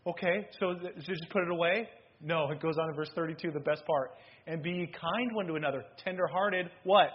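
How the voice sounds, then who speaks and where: A man preaches in a church with a high, husky voice. He swings from loud, driving lines to quiet, hushed asides. The recording sounds dull and lo-fi. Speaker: pastor. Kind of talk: sermon. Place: church sanctuary.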